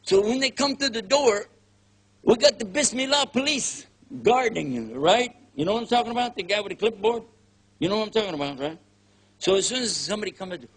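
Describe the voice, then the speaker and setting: Folksy older Texan preacher, husky voice. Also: male voice, sits high, sing-song, fairly quick, a bit bright. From Texas, USA. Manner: folksy, joking, acts out scenes in quoted voices. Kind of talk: casual lecture.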